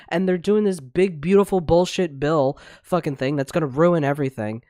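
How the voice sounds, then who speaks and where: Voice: mid-range voice, normal speed, darkish tone, dry recording, studio quality. A podcast co-host ranting in a heated, blunt way with plenty of swearing during a casual discussion. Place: livestreamed online podcast.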